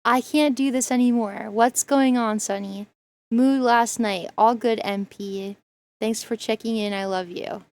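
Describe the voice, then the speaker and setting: A woman's voice: fairly high pitch, fairly even intonation, unhurried, darkish tone. A woman streamer reacting to a video, talking in a casual, rambling way with lots of fillers. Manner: rambling storyteller, many fillers. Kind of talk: casual chat.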